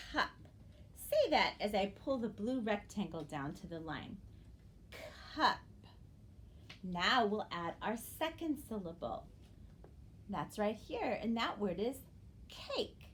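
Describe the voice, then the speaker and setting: A woman teacher runs an early-grade phonics lesson, encouraging her young students and stretching out each word she models slowly. Her medium-pitched voice is very animated, with slight background noise.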